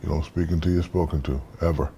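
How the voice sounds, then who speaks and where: A man in his fifties from the United States, an interview guest telling stories in a relaxed, casual way and acting out the voices in them. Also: rumbling low, fast talker, vocal fry, lo-fi sound, a little hiss or hum. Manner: relaxed storyteller, acts out quoted dialogue.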